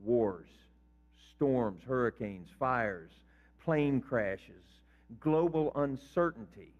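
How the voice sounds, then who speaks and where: Older pastor preaching in an echoey church. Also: male voice, mid-range voice, expressive, drawn-out words. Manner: conversational, quizzes the congregation. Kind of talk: sermon. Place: church sanctuary. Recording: reverberant hall, dull lo-fi sound.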